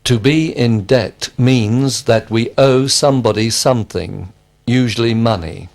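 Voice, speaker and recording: Guy answering drill questions really slowly, full sentences every time. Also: medium pitch, gravelly, darkish tone. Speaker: student in drill. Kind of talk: scripted language drill.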